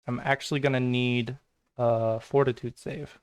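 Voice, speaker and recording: A man's voice: mid-range voice, flat delivery, unhurried, clean tone, no echo. Matter-of-fact man running a tabletop game. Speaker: game master.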